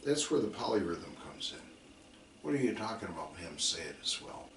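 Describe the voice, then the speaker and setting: A middle-aged football coach with a lowish voice gets very animated at a moderate pace during his lecture. He's emphatic and repetitive, repeating drill calls, telling stories, and impersonating players. The distant mic sounds roomy, with slight background noise.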